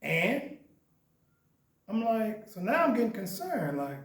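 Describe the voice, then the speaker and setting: A man with a Chicago accent giving an animated storytelling lecture, acting out the voices in his story. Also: sits high, slow pace. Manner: lively, acts out voices in dialogue. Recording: echoey room, mic at a distance.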